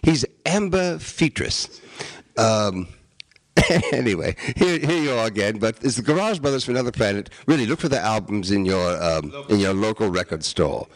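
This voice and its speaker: Jokey guest actor, man, lively swooping pitch, rambling comic delivery. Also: normal speed. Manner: jokey, rambling, theatrical, breaks into rap. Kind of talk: playful comic interview banter.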